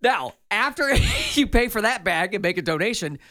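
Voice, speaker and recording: A man's voice: high voice, moderate pace, dry recording, studio quality, soft background music. A man co-hosting a morning radio show, reading quirky news and chatting playfully with his co-host. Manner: playful, animated delivery. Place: radio studio.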